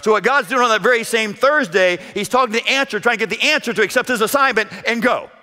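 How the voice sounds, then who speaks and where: Pastor, male, high bright delivery, dramatic sermon with sudden shouts and hushed drops, church hall reverb. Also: fast. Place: church sanctuary. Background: long hall reverb.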